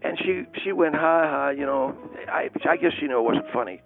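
A touchy, stammering caller rambles on in a higher, gravelly voice, sounding thin and boxy down a phone line. A man puts him on. Faint music sits underneath. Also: normal speed. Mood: aggrieved.

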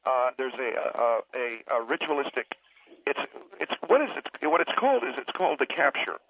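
A man calling in to a radio show, talking down to the host and interrupting him again and again to calm him. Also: mid-range voice, normal speed. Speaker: caller. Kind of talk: radio call-in argument. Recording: tinny phone line.

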